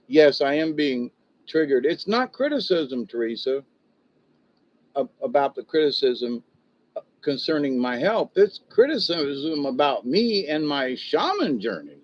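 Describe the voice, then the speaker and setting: A man's voice: mid-range voice, sing-song, a little slow, lo-fi sound. An older man venting and rambling on a casual livestream, stopping to greet viewers and read their comments. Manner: frustrated, rambling, self-interrupting.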